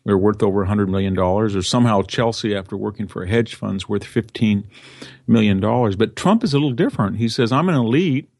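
A man with a fairly low voice talks politics as a studio interview guest. He speaks conversationally, restarting sentences and slipping into quoted asides. The sound is close and dry, with no room echo. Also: quick pace, creaky, darkish tone.

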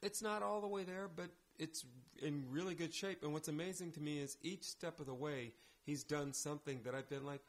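A man's voice: a little high, brisk, hardly any pauses. A man, a theater director guest on a podcast, telling anecdotes in casual chat and acting out the lines he quotes.

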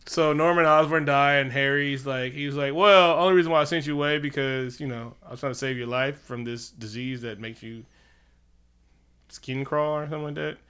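Bright, clear-voiced joking man. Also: mid-range voice, steady tone, brisk. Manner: loose, joking, profane, laughs often. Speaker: podcast co-host. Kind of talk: casual movie recap chat.

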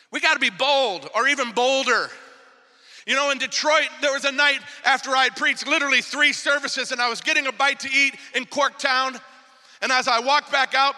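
A man preaches to his church in a high, very bright voice, and the sound carries a long reverb as if from a large church hall. He tells stories with lively energy, jumping from shouted exhortations to hushed, confiding asides. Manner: storytelling preacher, swinging from shouts to quiet asides. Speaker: pastor. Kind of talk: sermon.

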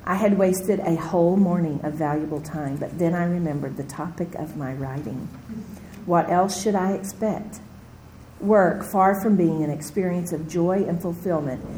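Animated woman teaching a Bible study. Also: fairly low pitch, a little hiss or hum, rough recording. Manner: animated storytelling, acts out her own panic. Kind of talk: Bible study lecture with personal stories.

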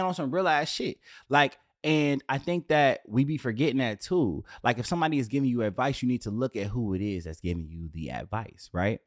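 A man in his late twenties talking casually as a podcast host, animated and profane with streetwise slang, in a dry room on camera. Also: mid-range voice, no room sound. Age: 20s. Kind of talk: casual solo rant.

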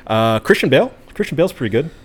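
A man co-hosting a casual podcast chat, agreeable and quick to chime in with yeahs. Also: mid-range voice, very animated. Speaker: podcast co-host.

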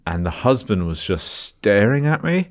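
A young man tells a story with a very low, deep voice. His delivery is dry and self-mocking, and he keeps a casual podcast chat rolling along. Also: very animated, normal speed, slight background noise.

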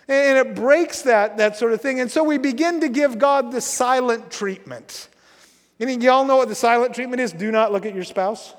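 A middle-aged man preaching a sermon as pastor, conversational and halting with many restarts, going soft and quiet in tender passages. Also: high-pitched. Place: church sanctuary. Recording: long reverb from a church sanctuary.

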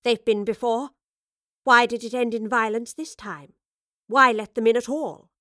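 A woman's voice: mid-range voice, normal speed, no room sound, studio quality, close to an everyday voice. A woman voicing a stern, guarded female professor with a clipped delivery.

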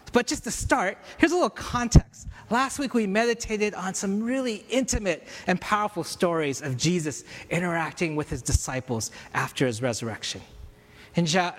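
High-voiced man preaching in a reverberant hall. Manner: storytelling, animated, with many fillers. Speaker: campus ministry leader preaching. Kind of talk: sermon.

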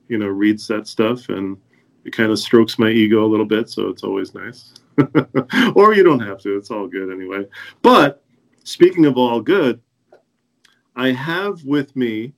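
A man hosting a podcast in a casual chat, laid-back and hesitant, often laughing. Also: lowish voice. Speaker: podcast host.

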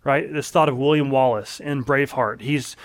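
A man's voice: medium pitch, moderate pace. A man preaching a sermon in an earnest, emphatic way, leaning on repeated phrases.

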